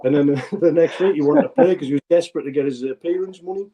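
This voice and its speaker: Ex-footballer guest, 40s, North East English accent, relaxed rambling storyteller. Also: male voice, on the high side, fast. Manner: rambling anecdotal storyteller, many restarts. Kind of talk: casual interview chat.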